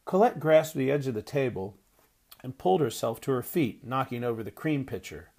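Man narrating a storybook, measured. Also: medium pitch, animated, darkish tone. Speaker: audiobook narrator. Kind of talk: scripted narration.

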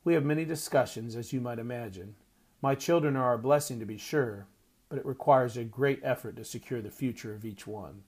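A man's voice: medium pitch, fairly quick, darkish tone, slightly rough. A man voicing an older wealthy society matron who speaks in a genteel, flustered, airy way. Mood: gracious.

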